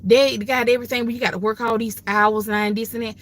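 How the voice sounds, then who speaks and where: A woman's voice: on the high side, fairly even intonation, fast. An older woman with grandchildren, hosting a livestream and giving emphatic, folksy, preachy advice in a casual way. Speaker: livestream host.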